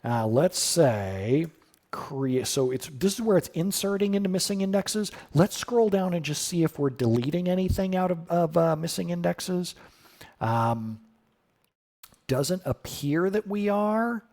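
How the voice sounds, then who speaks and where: A man's voice: sits high, lively intonation, measured pace, a little mellow. A middle-aged man live coding on a stream, thinking aloud casually with sudden surprised exclamations and answering chat questions.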